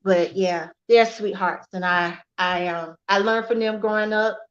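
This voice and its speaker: A woman's voice: mid-range voice, steady tone, measured pace. Encouraging woman guest on muffled audio. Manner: warm, encouraging, emphatic praise. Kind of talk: casual live-stream chat. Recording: slightly dull lo-fi audio.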